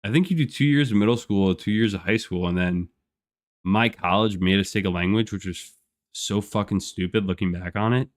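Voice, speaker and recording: Chill low-voiced dude streaming a game, rambly, says like a lot, laughs a bunch. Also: male voice, normal speed. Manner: rambling, laid-back, many "like" fillers, laughs often. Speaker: gaming streamer. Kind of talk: casual live-stream chat over gameplay.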